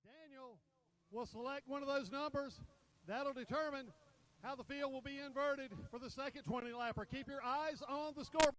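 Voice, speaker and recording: A male trackside announcer with a very high-pitched voice. He hosts a victory lane interview, calling out to the crowd with showman flair. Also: moderate pace, fairly bright tone.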